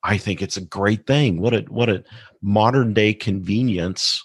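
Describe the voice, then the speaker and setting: Low husky male podcast host. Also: unhurried, no echo, clean studio sound. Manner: friendly, laughs often. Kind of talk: casual podcast chat.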